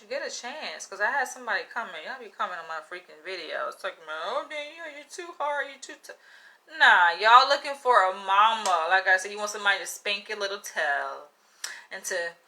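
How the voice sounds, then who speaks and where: A young adult woman talks straight to her viewers in a loose monologue. She is blunt and animated and swears freely. Her voice is bright and sharp, with the middle pitch of a woman. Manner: blunt, profane and animated, with frequent laughs. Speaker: vlogger. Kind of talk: casual monologue to camera.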